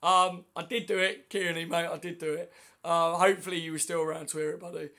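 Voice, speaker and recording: Hoarse man chatting on a fan livestream. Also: a little high, little pitch movement, quick pace, pushed and bright. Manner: chatty, matey, answers comments one by one. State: hoarse with flu. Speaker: livestream host. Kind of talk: casual livestream chat reading viewer comments. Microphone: phone.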